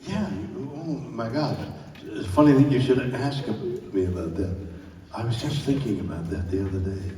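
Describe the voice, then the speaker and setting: An older man on stage as a guest, telling lively anecdotes and acting out the people in them. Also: mid-range voice, moderate pace. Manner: animated, acts out the people in his stories. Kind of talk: live on-stage storytelling. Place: large indoor event hall. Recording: roomy hall from far off, crowd and noise. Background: audience laughter.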